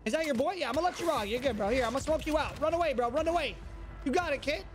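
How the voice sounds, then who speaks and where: A high-pitched man taunts opponents over live gameplay, swaggering and mock-menacing as he repeats his lines. Game sounds and ambience run clearly behind his voice. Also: expressive, racing, a little hiss or hum. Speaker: streamer. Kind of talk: trash-talking gameplay commentary.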